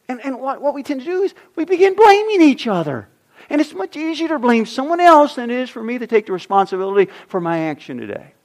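A middle-aged man preaching a sermon as pastor, swinging from loud emphasis to near-whispers. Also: extremely high pitch.

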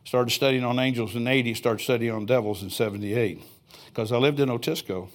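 A man's voice: medium pitch, fairly even intonation, fairly quick. An older man preaching a sermon in a church, telling stories in a folksy way with chuckling asides. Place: church sanctuary.

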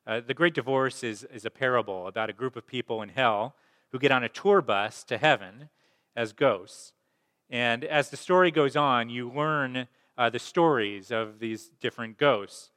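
A man's voice: medium pitch, moderate pace, fairly bright tone. Male preacher in a reverberant hall. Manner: conversational, with fillers and repeated words. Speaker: pastor. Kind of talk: sermon.

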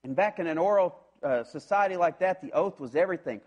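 A man preaching a sermon, retelling a scripture story in an animated way and acting out the voices of its characters. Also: sits high, fast, hardly any pauses, highs cut off. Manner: animated storytelling, acts out voices, frequent restarts. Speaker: pastor.

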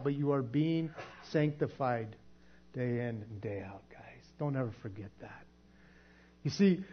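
A man with a fairly high voice leads a casual Bible teaching, talking it through conversationally and stumbling over repeated words. The recording is dull and lo-fi. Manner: conversational, repeats words, laughs at his own points.

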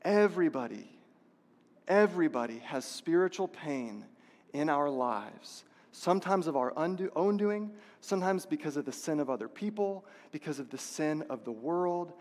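Man, pastor, sermon, rhetorical questions, repeats key phrases, high-pitched, echoing hall. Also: expressive, moderate pace, a little mellow. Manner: passionate, repetitive preaching with rhetorical questions. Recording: long reverb of a large hall.

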